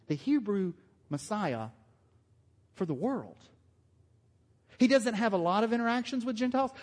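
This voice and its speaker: A man's voice: high voice, a little mellow. A man preaching a sermon as pastor, talking in a loose, conversational way and joking with his congregation. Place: church hall with long reverb. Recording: long hall reverb.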